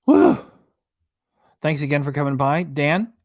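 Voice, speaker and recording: A man's voice: medium pitch, moderate pace, dry recording, clean studio sound. A man hosting a casual livestream, reading viewer comments aloud and rambling between topics. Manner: rambling, chatty, reads out chat messages and web pages. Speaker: host of a reaction livestream.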